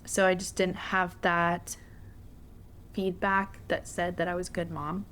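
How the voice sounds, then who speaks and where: A woman's voice: fairly low pitch, little pitch movement, measured pace, fairly bright tone, slight background noise. A young woman hosting a podcast, telling a personal story in a candid, conversational way. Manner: candid, conversational, frequent fillers. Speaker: podcast host.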